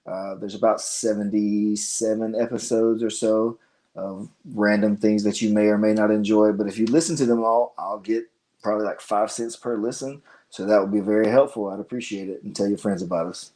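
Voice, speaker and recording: Earnest low-voiced man as guest. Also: steady tone, a little fast, warm tone, poor audio. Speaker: guest, gym owner. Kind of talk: casual podcast interview.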